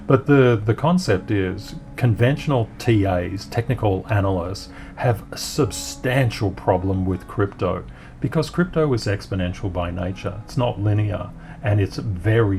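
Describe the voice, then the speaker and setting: A man's voice: deep voice, a little mellow. A man hosting an upbeat market chart commentary, talking in an encouraging way and cheering the charts on. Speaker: crypto market analyst host.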